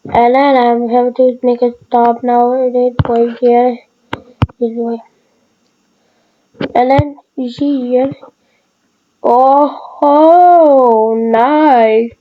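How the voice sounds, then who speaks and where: Woman, excitable, rambling game commentary, slow, dull lo-fi sound. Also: a little high. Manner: excitable, rambling, broken phrasing. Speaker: gaming video creator. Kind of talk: casual gameplay commentary.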